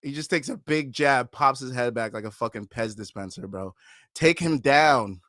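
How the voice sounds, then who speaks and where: A man hosting a live fight watch-along, giving fan commentary, who swears often and pleads and shouts at the fighters on screen. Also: mid-range voice, brisk, dry recording, clean studio sound.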